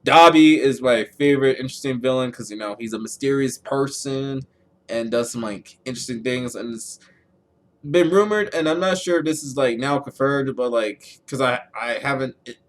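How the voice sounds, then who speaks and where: A young man talks on his own podcast in a loose, rambling way, cursing freely. His voice sits at a middle pitch and leaps sharply upward whenever he gets fired up. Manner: rambling, profane, excitable, pitch jumps when worked up. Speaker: podcast host. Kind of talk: casual solo chat about anime.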